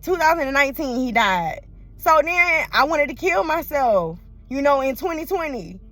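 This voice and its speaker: A woman's voice: sits high, sing-song, moderate pace, a bit bright. A woman vlogging in a casual, emotional way, blunt and profane, often laughing through tears. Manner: emotional, swings between laughing and crying; blunt and profane, heavy slang. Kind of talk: casual personal vlog talk.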